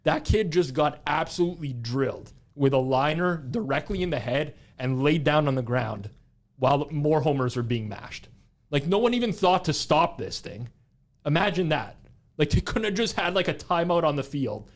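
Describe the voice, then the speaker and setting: A young man co-hosting a podcast, talking in a casual, animated, rambling way and filling his speech with "like". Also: fairly high pitch, moderate pace. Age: young adult. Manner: animated, rambling, heavy use of "like". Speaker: podcast co-host. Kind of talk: casual chat.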